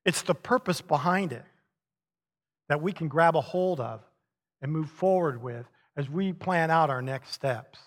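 A middle-aged man delivers a sermon in a slightly higher-than-usual voice, telling stories with chuckles and lively emphasis. His words ring out in the long reverb of a large church sanctuary. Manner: animated storytelling with chuckles. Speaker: pastor.

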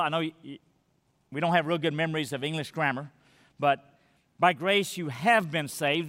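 A man preaching a sermon as pastor, earnest and emphatic, often dropping to a soft near-whisper. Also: fairly high pitch, big-room sound.

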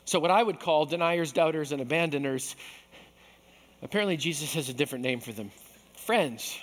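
A man preaching as pastor, animated and acting out voices from the story. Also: a little high, brisk, big-room sound. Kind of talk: sermon.

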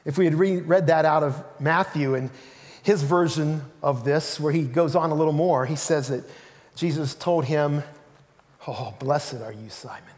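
A man preaching a sermon as pastor in a church, telling the story in an animated way and acting out the quotes. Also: a little high, moderate pace. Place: church sanctuary. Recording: reverberant church hall.

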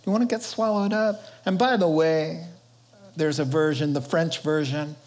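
An older man preaching a sermon, telling stories in an animated, playful way. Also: a little high, moderate pace. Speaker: pastor.

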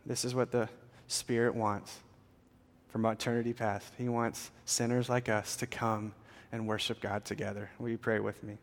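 A man's voice: fairly low pitch, level tone, normal speed, long reverb tail. A man preaching a sermon as a pastor, earnest and conversational, with frequent fillers.

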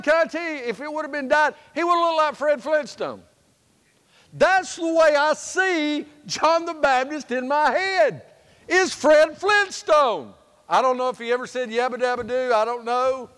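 A man preaching a sermon as pastor, folksy and humorous, moving between loud and hushed passages. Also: very high voice, smooth. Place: church sanctuary. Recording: long reverb of a church sanctuary.

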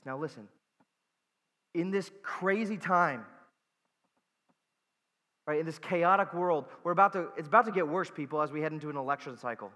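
A man's voice: on the high side, normal speed, long pauses, pushed and bright, big-room sound. A man preaching a sermon as pastor, earnest and emphatic, repeating key words for weight and dropping in casual asides.

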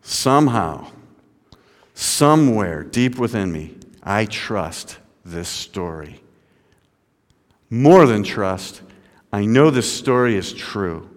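A man preaching a sermon, retelling a story dramatically, his voice dropping to a hush and then rising high. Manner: dramatic, swinging from hushed to raised. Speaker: pastor. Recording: long hall reverb.

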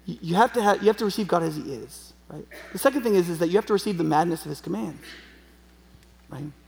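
A man's voice: high voice, animated, fast, vocal fry, darkish tone. A man preaching a sermon in a conversational way, often checking in with the audience. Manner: conversational, frequent tag questions. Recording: long hall reverb.

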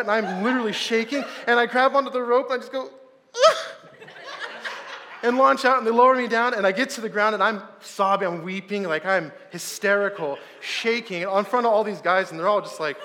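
Bright-voiced man preaching in a hall. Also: sits high. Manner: casual, storytelling, animated with loud outbursts. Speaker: pastor. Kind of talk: sermon with personal story.

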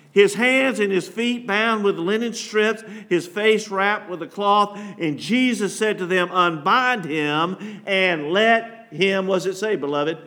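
A man's voice: sits high, sharp tone. A man pastor preaching a sermon, reading scripture and asking the congregation to call out words.

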